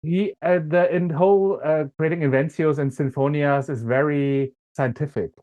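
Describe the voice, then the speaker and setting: A man with a German accent, a guest in a casual interview, speaking thoughtfully with frequent pauses and fillers. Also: on the high side, steady tone, darkish tone, highs cut off.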